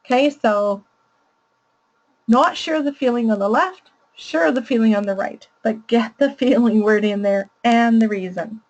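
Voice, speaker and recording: A woman parenting educator gives a teaching presentation, explaining a parenting lesson patiently and warmly while laughing easily. Her voice is on the high side at a measured pace, and the recording is muffled.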